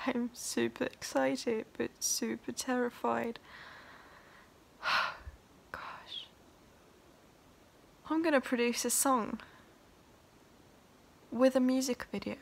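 A woman's voice: fairly high pitch, steady tone, slow, vocal fry, pauses often, a little hiss or hum. A young woman vlogging about her first song, tearful and laughing, overwhelmed with emotion. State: crying. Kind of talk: emotional personal vlog.

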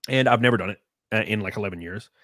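A man's voice: fairly low pitch, racing, fairly bright tone, no echo, clean studio sound. A man hosting a podcast, telling stories in a rambling, profane way full of fillers and restarts. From US South. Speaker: podcast host. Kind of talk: casual chat.

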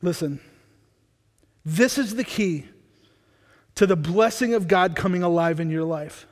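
Male pastor, lively casual preaching, higher voice, church hall echo. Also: unhurried. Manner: energetic, conversational, frequent restarts. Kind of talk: sermon. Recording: long church hall reverb.

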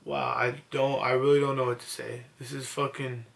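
A man's voice: medium pitch, level tone, moderate pace, vocal fry, fairly bright tone. A young man vlogging at home late at night, overwhelmed and teary with disbelief, just woken up. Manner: overwhelmed, emotional, breathless disbelief. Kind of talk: late-night excited selfie vlog.

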